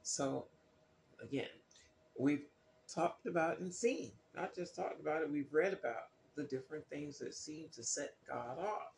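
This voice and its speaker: Gravelly-voiced man questioning scripture. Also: a little high, animated, unhurried, a little mellow, echoey room, slight background noise. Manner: skeptical, questioning, loose with fillers and restarts. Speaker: Bible reading commentator. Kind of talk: casual spoken commentary on scripture.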